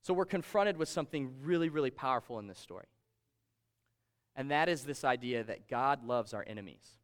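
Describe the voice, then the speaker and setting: A man preaching a conversational sermon, reading scripture aloud and explaining it with shifting emphasis. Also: mid-range voice. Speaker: pastor.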